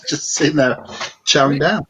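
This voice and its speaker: Husky-voiced man telling chatty anecdotes. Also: mid-range voice, fairly bright tone. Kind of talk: casual live-stream chat.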